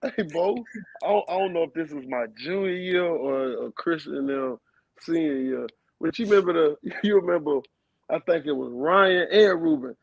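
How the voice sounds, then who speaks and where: A man, a former college football player, telling profane, animated stories among old teammates in casual chat. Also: on the high side, moderate pace, creaky, dry recording, muffled recording. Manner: animated, profane, laughing storyteller.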